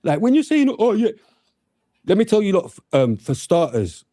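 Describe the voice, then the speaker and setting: Defiant man with a mellow, dry voice. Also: high-pitched, huge pitch swings, moderate pace, no room sound. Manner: keeps asking "do you get what I'm saying", defiant. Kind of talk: casual response video.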